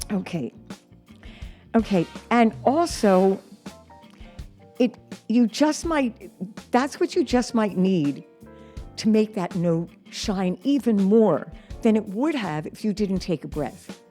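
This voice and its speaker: A woman's voice: mid-range voice, animated, dark tone, soft background music. A middle-aged woman teaching singing, speaking encouragingly and reading from her notes. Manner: slow, encouraging, reads aloud and sings examples. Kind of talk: singing lesson with demonstrations.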